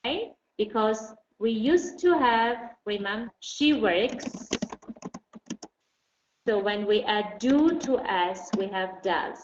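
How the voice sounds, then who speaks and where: A woman teaching English at an unhurried, careful pace, stopping often to fill gaps with "um" and "uh". Her voice comes through a dull, roomy recording with faint noise behind it. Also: mid-range voice, sing-song. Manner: patient, explains slowly with many fillers. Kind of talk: online class lesson.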